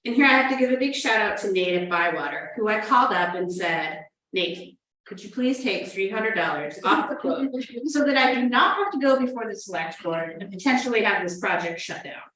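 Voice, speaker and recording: Her medium-pitched voice is lively, fairly quick and fairly bright, recorded from a distance with a roomy echo. She is a New Hampshire librarian presenting at a conference, earnest in her prepared talk yet slipping playful asides into her stories.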